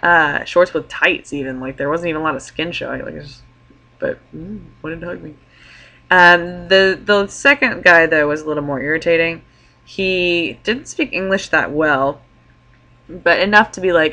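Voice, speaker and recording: A young woman talks straight to her camera in a loose, chatty vlog. Her voice sits low yet has a bright, sharp edge. She tells the story with lots of "like" fillers. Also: moderate pace. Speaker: vlogger.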